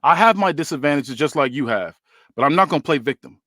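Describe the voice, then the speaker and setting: A man's voice: fairly high pitch, expressive, quick pace, a bit bright, no echo, studio quality. A man voicing an irritated, defiant male company owner who talks firmly and curses while reading out a fantasy wrestling script. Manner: indignant, firm, cursing. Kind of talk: read-aloud fantasy wrestling booking.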